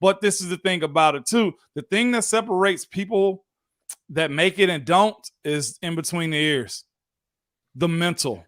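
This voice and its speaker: A man co-hosting a casual sports talk show as a former pro football lineman, talking in an animated, folksy way. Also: high-pitched, normal speed, no room sound, studio quality. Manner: animated, folksy, repeats "you know what I'm saying".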